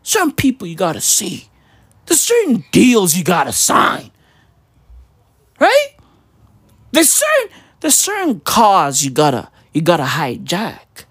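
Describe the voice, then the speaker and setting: A man with a fairly high, husky voice that leaps all over the place as he rants. He rambles in profane slang sprinkled with mock patois, and the sound is close and dry. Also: huge pitch swings, takes it slowly, long pauses, dry recording. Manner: rambling, slang-heavy, swings between shouting and muttering. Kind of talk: casual profane rant.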